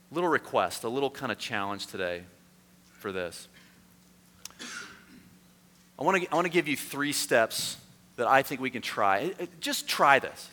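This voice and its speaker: A pastor delivers a sermon in a casual storytelling way, poking fun at himself as he goes. His voice is bright and sits a little high for a man. It rings out with a long reverb, as if he is in a large hall. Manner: conversational storytelling, lively and self-mocking. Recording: echoey hall.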